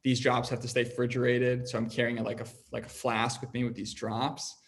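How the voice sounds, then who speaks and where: A man's voice: medium pitch, completely flat delivery, fairly quick. Young guy podcast host rambling thru his story, says like a lot, earnest, regular mid voice. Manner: rambling, heavy use of "like", earnest.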